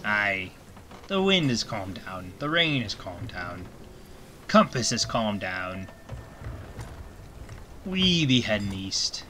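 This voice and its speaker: Brief: male streamer, joking pirate-speak, slow delivery, bright voice. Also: lowish voice, sing-song, slight background noise. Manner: jokey mock-pirate talk. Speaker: gaming streamer. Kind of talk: live gameplay commentary.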